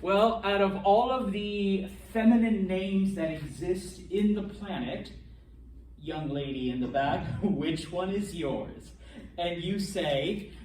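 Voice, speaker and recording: Animated male teacher in an echoey classroom. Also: on the high side, far from the mic, a little hiss or hum. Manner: animated, keeps checking in with the class. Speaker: Spanish teacher. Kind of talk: classroom lecture.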